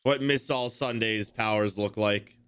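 A man reacting to an anime episode in casual commentary, excitable and swearing, exclaiming at the screen. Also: on the low side, unhurried, clean tone.

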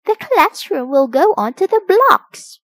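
A woman reading aloud who voices a calm, gently firm female schoolteacher in a patient, reassuring manner. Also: very high-pitched, measured pace, no room sound, pitched above the performer's own voice, heavily acted.

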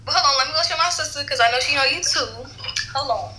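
Young woman from Indiana, blunt and slangy, high bright voice, roomy call audio. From Gary, Indiana. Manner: blunt, slangy, quick to laugh. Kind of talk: casual video call chat. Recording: roomy video call audio with faint noise.

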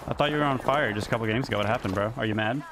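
A man streaming live in casual chat, excitable and profane. He keeps jumping into high, squeaky protests. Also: very fast. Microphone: gaming headset.

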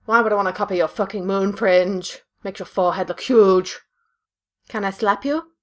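A woman from northern England doing casual game commentary, crude and teasing and quick to laugh. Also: mid-range voice. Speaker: YouTuber.

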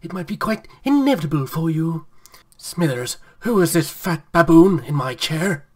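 A man voicing a frail, greedy old cartoon tycoon with a loud, haughty sneer. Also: on the high side, expressive, normal speed, pitched above the performer's own voice.

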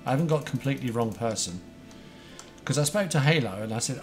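An excitable, chatty man livestreaming a game, greeting viewers by name. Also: medium pitch, quick pace. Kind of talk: casual live-stream chat. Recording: faint music behind.

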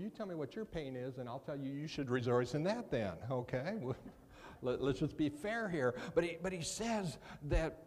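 A man's voice: fairly high pitch, a little mellow. A man giving a guest sermon, talking conversationally with joking asides and often repeating his first words as he starts a sentence. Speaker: guest preacher. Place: church sanctuary. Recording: long reverb of a church hall.

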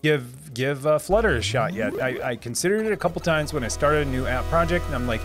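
A man's voice: mid-range voice, lively intonation, brisk, few pauses, soft background music. A man in his thirties hosting a casual live stream, reading viewer comments aloud, chatty, laughing often and repeating words as he restarts sentences.

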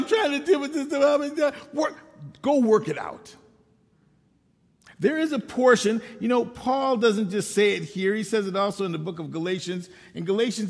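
An older man preaching a sermon, telling personal stories in a relaxed, conversational way with wry humor. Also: very high-pitched. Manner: conversational storytelling with self-deprecating humor. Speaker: pastor. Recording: long hall reverb.

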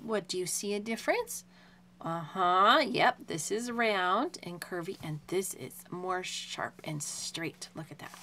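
A woman's voice: medium pitch, a bit bright, slight background noise. A young adult woman, a homeschooling mom, reading aloud from a picture book and explaining it simply to a young child, asking lots of questions.

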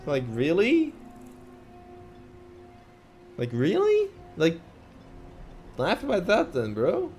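A man's voice: on the high side, huge pitch swings, slow, pauses often, a little mellow, faint music behind. A young man casually commentating a live game stream, rambling, joking and swearing freely. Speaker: gaming streamer.

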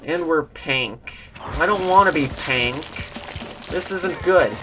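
A young man giving goofy gameplay commentary, slipping into silly meme voices and shouts. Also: on the high side, slow, soft background music. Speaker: gaming YouTuber.

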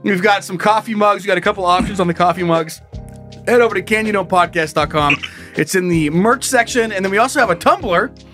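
A man hosting a casual comedy podcast, loud and laughing, breaking into shouted goofy bits. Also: sits high, fairly quick, music in the background. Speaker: podcast host.

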